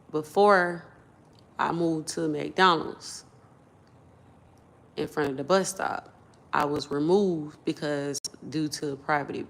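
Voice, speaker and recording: A woman's voice: low-pitched, creaky. A young woman vlogging into her phone, telling a personal story in a loose, rambling way and repeating herself as she gets worked up. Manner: casual, loose grammar.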